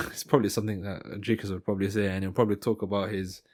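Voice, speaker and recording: Rambling man with a low voice. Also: little pitch movement, quick pace, a little mellow. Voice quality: rambling, self-correcting. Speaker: MMA commentator. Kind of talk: casual fight commentary.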